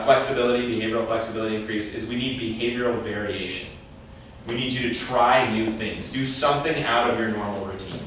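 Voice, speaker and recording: A man's voice: medium pitch, a bit bright. A man giving an informal talk to parents at a training session, conversational and often acting out quoted dialogue. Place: meeting room. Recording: echoey room, speaker far from mic, faint noise.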